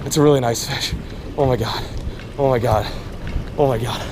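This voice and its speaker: A young man vlogging on a fishing boat at sea, chatting casually and commenting excitedly on the fishing. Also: medium pitch, moderate pace, noisy background. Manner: excitable, laughing, swings between chatty and loud. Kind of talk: casual vlog chat and live fishing commentary.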